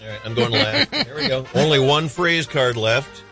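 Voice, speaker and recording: A man's voice: medium pitch, wildly swooping pitch, moderate pace, over music. A man hosting a radio show, joking and leading a party game in the studio. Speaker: radio host. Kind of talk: casual studio banter.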